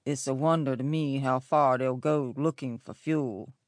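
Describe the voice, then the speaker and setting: A woman reading an audiobook, voicing a gruff, sarcastic male camp cook in a lower, grumbling voice. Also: moderate pace, no echo, studio quality, lightly acted.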